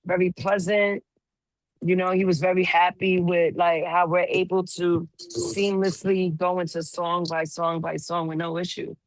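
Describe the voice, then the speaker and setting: Hoarse woman, playful and teasing. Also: fairly low pitch, little pitch movement, a little slow, dry recording. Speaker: call-in panelist. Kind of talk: casual chat.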